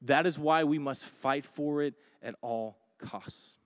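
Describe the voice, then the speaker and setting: A man preaching a sermon in a church, moving from quiet, intimate lines to loud, emphatic ones. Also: a little high, slow pace, dry recording, studio quality. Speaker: pastor. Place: church sanctuary.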